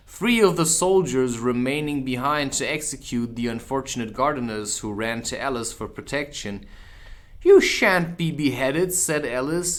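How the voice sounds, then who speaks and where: A man reading a children's classic aloud as an audiobook, with casual asides. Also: mid-range voice. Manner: unhurried, expressive, drops in casual asides. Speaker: audiobook reader. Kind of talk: audiobook narration.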